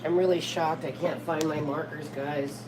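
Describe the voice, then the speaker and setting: A woman's voice: low voice, steady tone, moderate pace, heavy background noise. A woman in her sixties chatting casually on a live stream, talkative and swearing freely when frustrated. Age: 60s.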